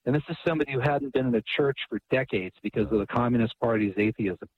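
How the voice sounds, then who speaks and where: Male author guest, husky, dull radio-line sound, animated storyteller who repeats words. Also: mid-range voice, fast, no room sound.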